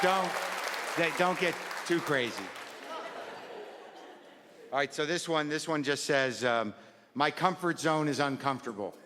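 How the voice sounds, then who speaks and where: A middle-aged man doing a stand-up comedy set, ranting in a neurotic, self-deprecating way and acting out little asides. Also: medium pitch. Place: stage in a comedy venue. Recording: live venue with long reverb and loud crowd noise.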